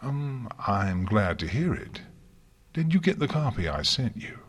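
A man's voice: mid-range voice, big pitch swings, measured pace, breathy edge. A man voicing a bookish young mare who speaks in a hesitant, stammering way in a storybook reading. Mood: nervous.

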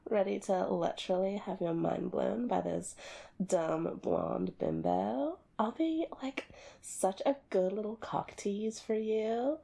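A woman's voice: medium pitch, dark tone, full character voice. Woman playing Lexi, a ditzy Valley Girl. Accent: Valley Girl (Southern California). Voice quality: vocal fry and upspeak. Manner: airy, drawn-out, heavy use of "like". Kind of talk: audio role-play addressed to the listener.

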